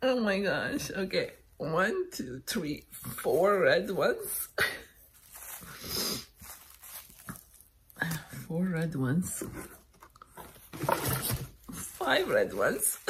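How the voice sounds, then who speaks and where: Slow, giggly woman gushing over mail. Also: lowish voice, wildly swooping pitch, a little hiss or hum. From Canada. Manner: giggly, gushing, laughs a lot. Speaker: vlogger opening mail. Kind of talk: casual unboxing chat. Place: at home by a table.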